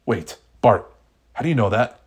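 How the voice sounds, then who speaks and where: A heroic male speedster questions his allies in a commanding way as a man reads his lines. His lines come from a fan fiction story, and he speaks at a middling pitch. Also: lively intonation, moderate pace, husky. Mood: questioning. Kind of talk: fan fiction read aloud.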